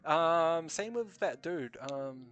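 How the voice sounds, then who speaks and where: A man's voice: a little high, animated, takes it slowly, fairly bright tone, clear, resonant tone, muffled recording, faint music behind. A man from New Zealand with a light New Zealand accent, a streamer chatting casually in a rambling, self-correcting way with frequent swearing. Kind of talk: casual chat.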